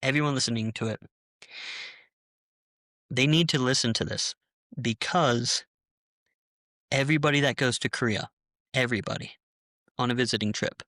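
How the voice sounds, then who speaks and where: A young man telling his story of leaving a church, heated and animated, acting out the people he quotes. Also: mid-range voice, moderate pace, pauses often, no echo, studio quality. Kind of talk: personal testimony in a conversation.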